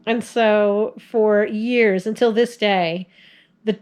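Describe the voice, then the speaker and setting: Slowly, in a steady, medium-pitched and slightly mellow voice, a woman in her forties hosts a video sharing family stories. She talks to the camera in a relaxed, chatty way, often laughing.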